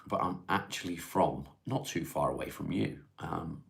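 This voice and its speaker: A deep, gravelly-voiced man from Cheshire hosts a relaxed livestream from home. He reads viewer questions aloud and answers them plainly, in an easygoing, unhurried way, with a low, rough edge in his voice. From England (Cheshire). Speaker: livestream host. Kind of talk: casual livestream chat answering viewer comments. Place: at home, smoking while streaming.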